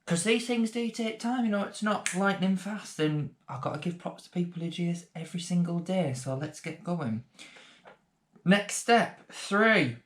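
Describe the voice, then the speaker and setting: A man's voice: sits high, normal speed, hardly any pauses. A man chatting casually through a beginner makeup tutorial vlog, rambling with self-deprecating asides. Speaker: beauty vlogger.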